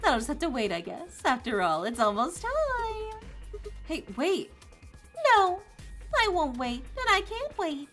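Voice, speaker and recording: A woman's voice: sits high, sing-song, unhurried, a bit bright, soft background music, exaggerated voice. A woman voicing a mischievous male AI rabbit game master in a put-on Southern drawl, reading a visual novel aloud on stream with a taunting, singsong manner.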